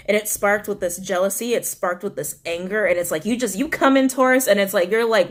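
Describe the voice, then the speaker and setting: A young woman giving a casual tarot reading, animated and blunt, swearing and talking straight to her viewers. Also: mid-range voice, a little fast, few pauses. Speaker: tarot reader.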